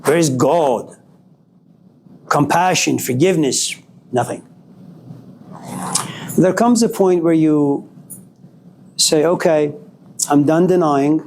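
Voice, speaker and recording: This college lecturer speaks slowly with long pauses in a slightly mellow voice, some background noise behind him. He dramatizes his classroom lecture by acting out scenes, his pitch jumping up when he pretends to be angry.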